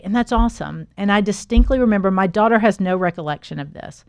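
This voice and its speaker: A woman's voice: medium pitch, lively intonation, fast talker, smooth, no room sound, dull audio. A middle-aged woman hosting a podcast interview, chatty and telling stories with easy laughter. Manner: chatty, storytelling, laughs easily. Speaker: podcast host. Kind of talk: casual interview chat.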